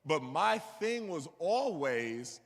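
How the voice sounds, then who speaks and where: A man's voice: a little high, big pitch swings, takes it slowly. A man telling a personal story as a conversational sermon, often checking in with "you know what I mean.". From New York. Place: church sanctuary. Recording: long hall reverb.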